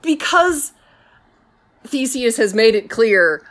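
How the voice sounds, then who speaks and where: A woman's voice: medium pitch, expressive, takes it slowly. A woman telling a story in a casual, rambling way, with many fillers and self-corrections.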